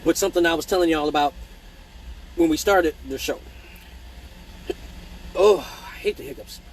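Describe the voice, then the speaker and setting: Guy telling wild stories on a live stream, cusses a lot, kinda high voice, got the hiccups, little hum behind him. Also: normal speed, poor audio. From Michigan. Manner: profane, animated, mimics voices in stories. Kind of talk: casual storytelling.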